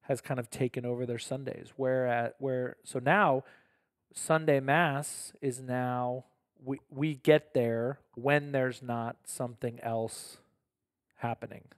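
Earnest priest host, dry sound. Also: male voice, mid-range voice, little pitch movement, slow pace, no room sound. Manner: earnest, self-correcting, lots of restarts. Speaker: pastor and podcast host. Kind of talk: casual podcast conversation.

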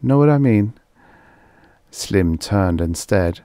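A man's voice: on the low side, animated, takes it slowly, dark tone, no echo, clean studio sound. A man narrating a vintage story aloud in a wry first-person telling. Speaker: audiobook narrator. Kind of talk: scripted narration.

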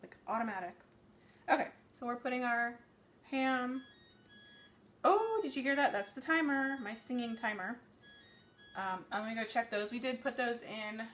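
A woman's voice: fairly high pitch, a bit bright, a little hiss or hum. Thirtysomething woman doing a live cooking stream at home, chatty and rambly, fixes her own words a lot, voice kinda worn out. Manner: chatty, rambling, with frequent self-corrections. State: voice slightly worn. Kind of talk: live cooking demonstration, casual chat. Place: home kitchen.

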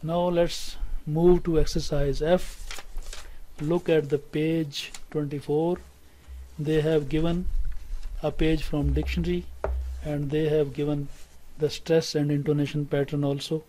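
Man, Pakistani English accent, English teacher, slightly high voice, slow, repeats words for students. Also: little pitch movement, warm tone, rough recording. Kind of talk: recorded classroom lecture.

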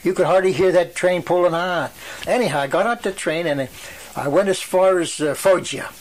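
Old guy in his 90s rambling through stories, does the voices of people he quotes, bit of a higher voice. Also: normal speed. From western Pennsylvania. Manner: rambling storyteller who acts out quoted voices. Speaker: oral history interviewee. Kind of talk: storytelling reminiscence.

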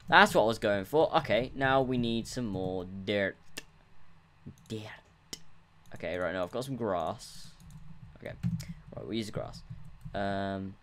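A man's voice: on the low side, a little slow, pauses often, a bit bright, a little hiss or hum. A man giving casual, rambling commentary on his own gameplay at home, self-mocking and swearing often. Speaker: let's play gamer. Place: room at home, others in the house.

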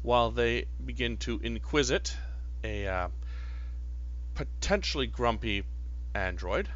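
Man, game master narrating a tabletop session, self-correcting, average pitch, slightly lo-fi. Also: expressive, slow, a bit bright.

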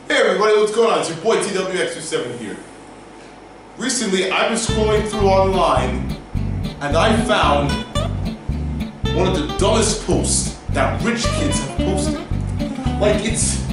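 A young man with a fairly high voice rants in a mocking, exaggerated way, his pitch leaping all over. He sounds set back from the mic in a very echoey room. Guitar music plays clearly behind him. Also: animated, unhurried, long pauses. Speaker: YouTuber. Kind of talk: casual reaction commentary. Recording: roomy, distant mic with music playing.

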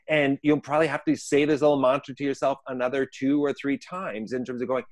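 A conflict management trainer explains ideas conversationally on a podcast, acting out inner voices in short asides. His mid-range voice moves fairly quickly with few pauses.

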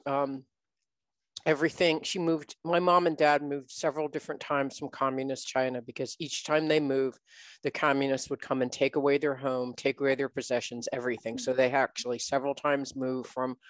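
A woman interviewing an author, attentive and casual, speaking in a relaxed, chatty way. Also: a bass voice, moderate pace, dry recording. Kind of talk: interview conversation.

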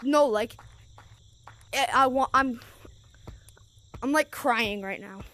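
High-pitched girl gamer talking thru a game, jumpy and whiny, keeps getting spooked. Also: slow pace, fairly bright tone. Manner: jumpy, easily startled, complaining. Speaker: game streamer. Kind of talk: casual gameplay commentary.

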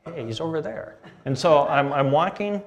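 Animated middle-aged male pastor. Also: on the high side, normal speed, muffled recording. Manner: animated, laughing storyteller acting out dialogue. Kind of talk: sermon storytelling.

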